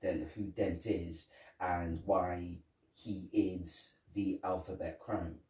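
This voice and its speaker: Dark-voiced man reviewing a film. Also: deep voice, level tone, takes it slowly. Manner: retells scenes, acts out quotes. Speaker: podcast co-host. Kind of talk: casual film review chat. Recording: roomy, distant mic.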